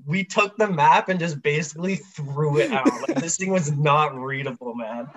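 Young Canadian man, podcast guest, animated storyteller who acts out quotes. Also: on the high side, moderate pace, over a noisy crowd. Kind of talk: casual chat.

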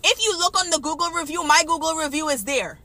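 A young adult woman, casually telling her story straight to viewers in an animated, chatty way. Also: sits high, quick pace. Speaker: vlogger.

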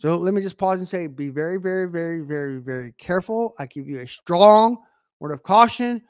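A man's voice: high-pitched, a little fast, clean tone, dry recording, clean studio sound. A man preaching a conversational sermon, adding frequent asides and repeating phrases for emphasis.

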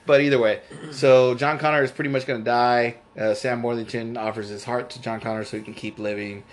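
Give me a man chatting casually about films, rambling through restarts and fillers, quick to laugh. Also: mid-range voice, fairly even intonation. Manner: laughs easily. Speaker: podcast co-host. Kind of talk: casual movie-review chat.

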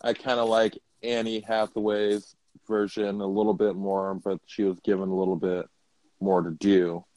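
Low-voiced man, blunt and joking. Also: flat delivery, normal speed, warm tone, dry recording, low-quality recording. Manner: blunt and joking, swears casually. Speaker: podcast co-host. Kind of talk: casual chat.

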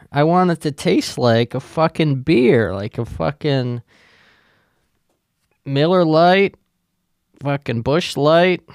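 Male podcast host, creaky voice, dry close sound, sarcastic rambling rant. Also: a little high, no echo. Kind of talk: casual comedic monologue.

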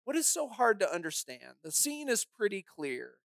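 A woman's voice: medium pitch, sing-song, moderate pace, vocal fry. A woman pastor delivers a sermon with dramatic, emphatic storytelling. She presses home her points with pointed rhetorical questions. The sound is close and dry, with no room echo.

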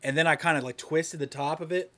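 A young man with a bright, forceful voice that sits a bit high for a man. He is co-hosting a podcast and tells crude stories in loose, casual banter, swearing and laughing often. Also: steady tone, fast talker. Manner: loud, swearing, laughing storyteller. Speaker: podcast co-host.

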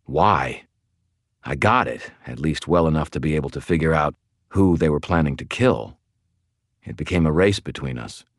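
A man voicing a weak, injured young male vampire who speaks feebly and quietly in a deep voice. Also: animated, normal speed, no echo, clean studio sound, full character voice. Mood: weary.

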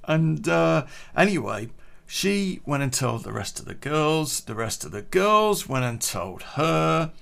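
A man's voice: on the high side, very animated, slow, vocal fry, fairly bright tone. A man telling a rambling, swear-heavy personal anecdote in a casual way, full of restarts. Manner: profane, rambling, frequent restarts. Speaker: storyteller.

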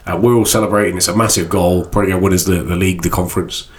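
A man co-hosting a casual football podcast, telling stories in an animated way and swearing freely. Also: deep voice, very fast, slight background noise. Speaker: podcast co-host.

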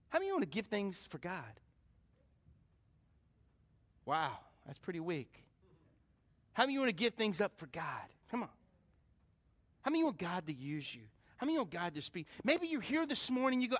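A man's voice: extremely high pitch, lively intonation, normal speed, a bit bright. A middle-aged man preaching a sermon as pastor, telling stories with animation and putting questions to his congregation.

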